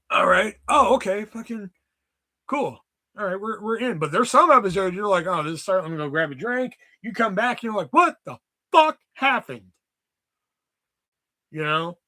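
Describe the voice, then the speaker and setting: A man in his thirties hosting a casual livestream, rambling and swearing as he tells animated stories. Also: sits high. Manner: rambling, profane, animated storytelling. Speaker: livestream host.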